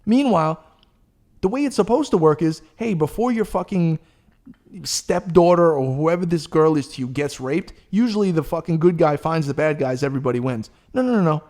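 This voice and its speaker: A male podcast host with a voice pitched a little higher than most men's. He talks in loose, casual chat, rambling through his story with plenty of swearing and lively, animated delivery. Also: moderate pace.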